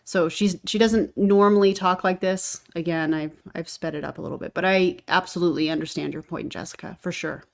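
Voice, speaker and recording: A woman with a slightly low voice delivering reaction commentary. She cuts in with sarcastic, exasperated asides and pushes back on what she hears. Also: fairly even intonation, brisk, vocal fry, hardly any pauses.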